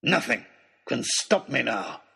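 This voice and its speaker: Oxshott, a gravelly roaring baronet villain, as a man puts him on. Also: medium pitch, very animated, takes it slowly, pushed and bright, exaggerated voice. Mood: menacing. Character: ghastly brutish male baronet villain, savage and murderous. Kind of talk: storybook character reading.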